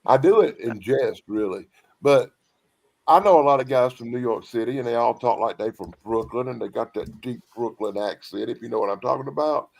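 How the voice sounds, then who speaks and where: A man's voice: medium pitch, fairly quick, vocal fry, darkish tone, low-quality recording. A man with a Southern US accent chatting as a panelist, in a folksy hillbilly drawl that repeats itself. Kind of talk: casual chat.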